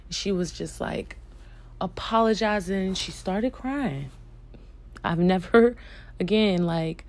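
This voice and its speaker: Slow, gravelly-voiced woman telling a story. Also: medium pitch. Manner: soft-spoken, hesitant, with many fillers and restarts. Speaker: vlogger sharing a personal story. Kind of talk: casual personal storytelling.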